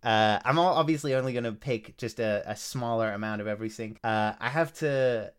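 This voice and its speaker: Guy rambling on a podcast, smooth clear voice, laughs a lot. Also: mid-range voice, a little fast. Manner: rambling, many restarts and chuckles. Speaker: podcast co-host. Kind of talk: casual chat reviewing front-page submissions.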